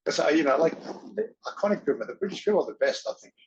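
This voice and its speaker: A middle-aged man tells stories in a loose, animated way, putting on the voices of the people he meets. His voice sits slightly high for a man. The recording sounds dull and muffled. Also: rapid-fire, a little hiss or hum. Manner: animated, acts out others' voices in his anecdotes. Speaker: interview guest, actor and wrestler. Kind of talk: casual storytelling chat.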